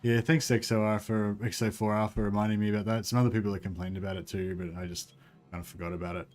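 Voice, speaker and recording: Quiet, tired Australian man mumbling. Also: on the low side, flat delivery, fast talker. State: tired and sore. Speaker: streamer. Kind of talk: casual livestream chat. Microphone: desk-stand microphone behind keyboard.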